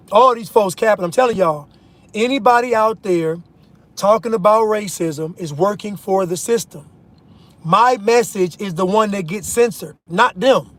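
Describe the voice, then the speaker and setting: A high-pitched American vlogger drives while giving his viewers an opinion monologue from inside the car. He's emphatic, repeats his points, and calls his audience "y'all."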